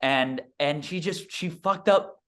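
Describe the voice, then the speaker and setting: A man's voice: fairly high pitch, slow, fairly bright tone. A young man, a stand-up comedian, telling a story in a casual, rambling, self-deprecating way with lots of fillers. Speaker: stand-up comedian and podcast guest.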